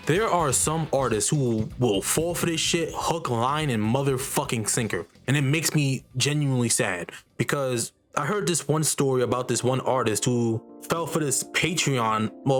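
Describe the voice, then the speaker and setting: A man's voice: medium pitch, fairly bright tone. A man delivering a heated, profanity-filled rant to camera, swearing constantly and repeating himself. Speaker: artist and vlogger. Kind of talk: profane ranting monologue. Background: faint background music.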